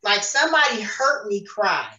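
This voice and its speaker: A woman's voice: medium pitch, very animated, moderate pace, sharp tone, lo-fi sound. A woman giving an earnest, emotional personal faith testimony as a podcast guest. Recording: roomy echo, distant mic.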